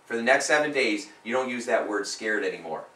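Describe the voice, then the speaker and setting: A man's voice: lowish voice, animated, a little fast, sharp tone. Emphatic man coaching, roomy distant sound. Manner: emphatic, repeats phrases with rising force. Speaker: hypnotist coaching a client. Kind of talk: live coaching session.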